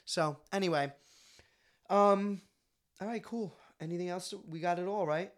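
A man with a slightly high voice chats loosely on a podcast, rambling and gossipy. He has the hiccups and keeps it casual. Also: a little slow, clear, resonant tone. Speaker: podcast co-host. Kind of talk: casual chat.

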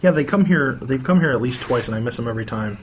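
Here the co-host's medium-pitched voice is expressive and quick, with a little hiss or hum in the recording. It's casual gossip talk with his wife, full of rambling, swearing and frequent laughter.

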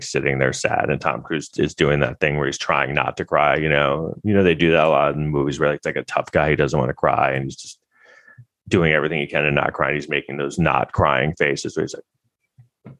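Deep gravelly guy rambling about a movie, wry, dead dry sound. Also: a bit bright, no echo. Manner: rambling, wry, lots of fillers. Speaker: vlogger. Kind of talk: casual movie commentary.

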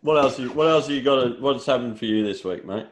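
With a mid-range voice, a brisk pace, and reverberant audio, this Australian podcast co-host launches into an animated rant. The chat is casual, packed with swearing and frequent "mate."

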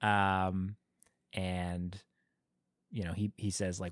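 A man co-hosting a casual podcast, retelling film scenes with lively quoted voices. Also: deep voice, drawn-out words, no room sound, clean studio sound. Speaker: podcast co-host. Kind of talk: casual film review chat.

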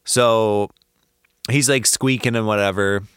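A podcast co-host talks in a loose, casual way, swearing freely and laughing often. His voice sits low. The sound is dry and close. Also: fairly even intonation, slow, fairly bright tone, clean tone, no room sound. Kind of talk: casual chat.

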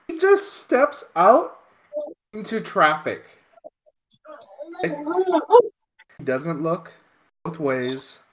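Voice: mid-range voice, fairly bright tone. A podcast co-host telling a road story casually, profane and exasperated.

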